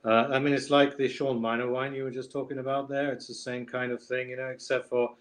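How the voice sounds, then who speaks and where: A man, a wine importer guest, chatting in a relaxed, friendly way over a video call. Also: mid-range voice, a little fast. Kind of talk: casual chat on a video call.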